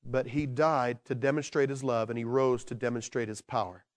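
A male pastor preaching a sermon with animated delivery, dropping into slow, quiet emphasis and then building to excited bursts. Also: medium pitch. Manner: slows down to stress key words.

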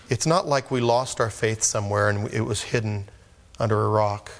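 A man's voice: fairly low pitch, fairly even intonation, normal speed. A man preaching a sermon in a conversational manner, acting out scripture scenes. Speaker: pastor. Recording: long echo of a large hall.

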